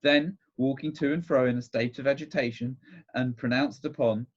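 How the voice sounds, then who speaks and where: A man's voice: mid-range voice, fairly even intonation, normal speed, slightly rough. A man reading a classic novel aloud, often stumbling over words and going back to restart phrases, in a dull lo-fi recording. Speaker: reader.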